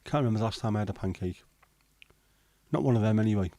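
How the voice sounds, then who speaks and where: A middle-aged man, hosting a relaxed livestream and chatting with viewers in a jokey, rambling way. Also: fairly low pitch, quick pace, no room sound. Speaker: livestream host. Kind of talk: casual chat reading viewer comments.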